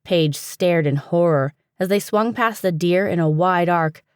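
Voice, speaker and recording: A woman narrating a fantasy audiobook in a steady, even storytelling manner, recorded on a close studio mic. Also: lowish voice, unhurried, smooth, no room sound. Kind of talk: scripted narration.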